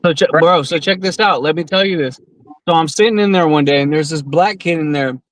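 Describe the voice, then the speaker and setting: A man's voice: on the high side, fairly quick, a bit bright, a little hiss or hum, poor audio. A man in his thirties from the US West Coast, co-hosting a podcast and telling a long, profane story among friends with lots of fillers. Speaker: podcast co-host.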